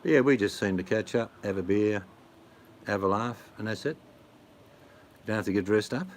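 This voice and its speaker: Low-voiced blokey Aussie man. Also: normal speed, a little hiss or hum. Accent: Australian. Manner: blokey, joking, rambling. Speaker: vlogger answering chat. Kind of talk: casual chat.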